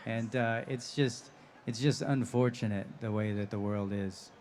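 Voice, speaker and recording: A man's voice: on the low side, a little slow, a little hiss or hum. A man who voices anime and game characters, answering fan questions at a convention panel and telling stories with lots of laughter. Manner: animated storyteller, laughs often. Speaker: voice actor guest. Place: convention stage.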